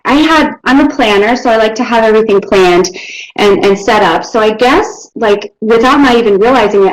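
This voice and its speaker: A young woman with a fairly high voice gives a personal testimony. She speaks earnestly and haltingly, restarting her sentences often, and sounds close to tears at times. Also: poor audio. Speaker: school technical staff.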